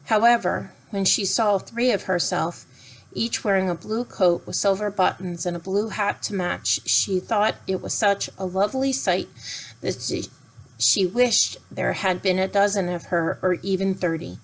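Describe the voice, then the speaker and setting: A woman reading a children's storybook aloud in a gentle, expressive way. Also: medium pitch, a little slow, low-quality recording. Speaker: narrator.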